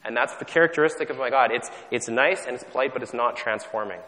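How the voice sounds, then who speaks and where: A man's voice: medium pitch, fast talker, sharp tone. A man from Canada preaching a sermon in a conversational, self-deprecating way, often restarting his sentences. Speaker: pastor. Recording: long hall reverb.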